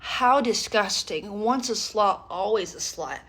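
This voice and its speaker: A woman voicing Linda, a catty middle-aged gossip, in a low, hushed and sly voice. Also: lively intonation, measured pace. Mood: gossipy.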